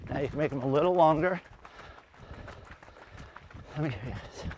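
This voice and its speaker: A man with a high, lively voice coaches runners outdoors as he runs beside them. He praises each runner warmly, then drops to a soft count of the steps in each breath. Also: normal speed, slight background noise. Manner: encouraging, counts steps aloud in quiet bursts. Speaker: running coach. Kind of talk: on-the-run coaching. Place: outdoors on a hilly running route.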